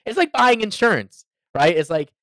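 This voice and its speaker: A man co-hosting a podcast in casual chat, animated and quick to laugh. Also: sits high, dry recording. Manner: animated, laughing, mimics people. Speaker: podcast co-host. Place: podcast studio.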